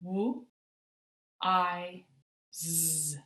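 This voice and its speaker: Woman kindergarten teacher, encouraging sing-song praise, very slow careful pace, echoey room. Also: fairly low pitch, steady tone, fairly bright tone. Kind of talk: online phonics lesson for young children.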